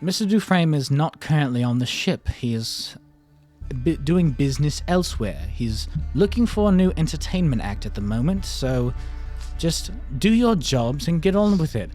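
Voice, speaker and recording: Man voicing a raspy, wispy, officious bookkeeper in a tabletop game, pitched up, clipped delivery. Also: lively intonation, moderate pace, a little mellow, soft background music, close to an everyday voice. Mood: curt.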